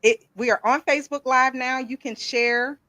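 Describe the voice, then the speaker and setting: Brief: woman host, lively live-stream banter, slightly high voice, dead-dry sound. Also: normal speed, dry recording. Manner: hyped, playful, talks to viewers. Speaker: podcast host. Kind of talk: casual live-stream chat. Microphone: streaming setup.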